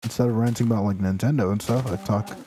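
A man's voice: lowish voice, fairly even intonation, quick pace, mellow, slight background noise. A young man streaming a game live, rambling casually, chatting to viewers and teasing game characters in mock outrage. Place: home room, sitting in a noisy chair.

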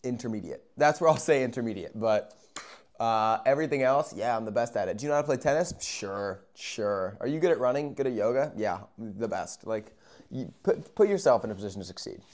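Profane, animated young man telling a story. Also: mid-range voice, fast. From Arizona. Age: young adult. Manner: animated, profane, swings loud and quiet. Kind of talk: casual storytelling.

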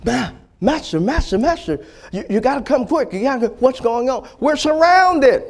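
A frantic male servant with a high, strained voice, put on by a man in a sermon. He pleads breathlessly and repeats himself in alarm. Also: slow. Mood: panicked.

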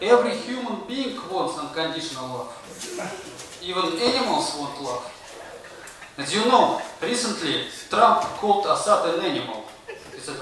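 A man from Russia with a Russian accent, performing a stand-up comedy set with a slow, deadpan delivery. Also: high-pitched. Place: stage in a comedy venue. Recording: very echoey room, voice from a distance, audible noise.

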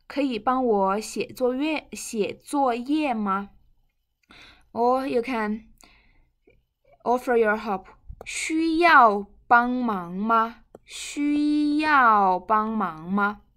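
A woman whose first language is Mandarin Chinese, teaching a bilingual language lesson and patiently repeating and glossing each word. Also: on the high side.

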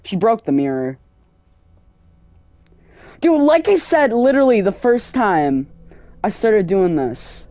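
A young man commentating his horror game play, swinging from low mutters to excited yelling, sometimes out of breath. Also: slow pace, long pauses, dry recording. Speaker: gameplay streamer.

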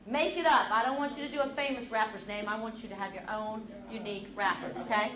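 A woman leading a middle-school drama lesson, coaching students with energetic, encouraging instructions. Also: fairly high pitch, quick pace, a crowd in the background. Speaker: drama teacher. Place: school classroom. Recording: echoey classroom with students around.

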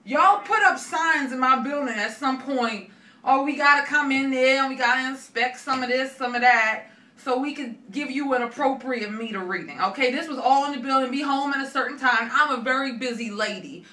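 Woman as sassy irate Bronx customer, New York accent, bright and high, echoey room from off the mic. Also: normal speed, distant mic. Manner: brash slangy complaining. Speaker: caller.

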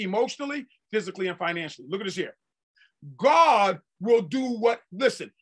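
A man preaching a sermon with fervor, swinging from quiet stretches to loud bursts and repeating words for emphasis. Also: very high-pitched. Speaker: apostle preaching.

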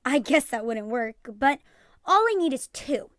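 A woman reading aloud and voicing an eager, excited young girl in a storybook. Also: sits high, a little slow, no room sound, clean studio sound.

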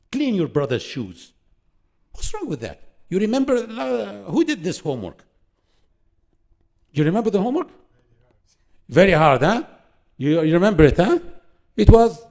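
A man teaching a religious lesson to an audience. He speaks in an animated way, fires off rhetorical questions and acts out the quotes he tells. His pitch leaps up and down. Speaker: Islamic lecturer.

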